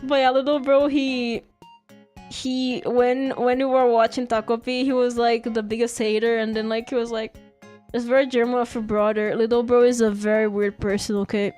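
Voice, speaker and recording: A woman's voice: on the high side, level tone, moderate pace, darkish tone, faint music behind. A woman streamer chatting casually while drawing, rambling through stories with lots of giggles and acted-out quotes.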